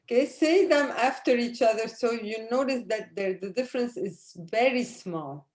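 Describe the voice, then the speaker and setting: A woman teaching a language lesson online, drilling words with her students slowly and patiently. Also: a little high, darkish tone. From Arab world. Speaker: Arabic teacher.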